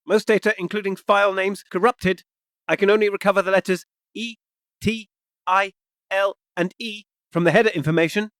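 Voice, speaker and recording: A man's voice: high-pitched, fairly even intonation, normal speed, fairly bright tone, dry recording, pitched above the performer's own voice. A man voicing a prim, loyal male robot dog that speaks in clipped, formal phrases.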